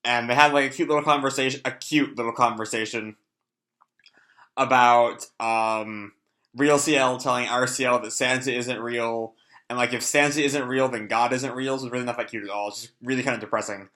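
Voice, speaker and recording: Bright-voiced guy with a stuffy nose. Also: mid-range voice, steady tone, a little fast. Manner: rambling, many fillers, swears casually. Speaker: channel host reacting to a manga chapter. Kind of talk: casual live reaction.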